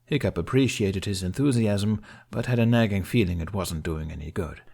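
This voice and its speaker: Low-voiced man narrating a story. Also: normal speed, vocal fry. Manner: steady, storytelling. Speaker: fan fiction reader. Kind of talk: audiobook narration.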